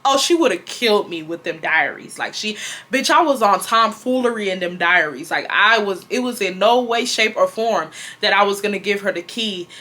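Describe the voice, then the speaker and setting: A woman, telling a storytime vlog in an animated, profane way, speaking straight to her viewers. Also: medium pitch, moderate pace. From Houston, Texas. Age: 20s. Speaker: vlogger.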